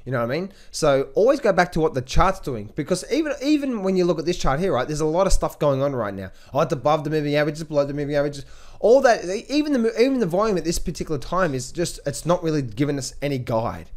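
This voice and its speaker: A male trading coach talking casually to his viewers, with energetic, motivational momentum. He circles back and repeats himself often, stacking restarts as he goes. His voice sits somewhat on the higher side for a man. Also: fast. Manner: rambling, repetitive, lots of fillers and restarts. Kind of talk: casual talk-to-camera.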